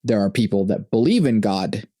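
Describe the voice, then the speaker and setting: Mellow-voiced man hosting a podcast. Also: on the low side, expressive, dry recording, clean studio sound. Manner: thoughtful, halting, laughs often. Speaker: podcast host. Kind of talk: casual conversation.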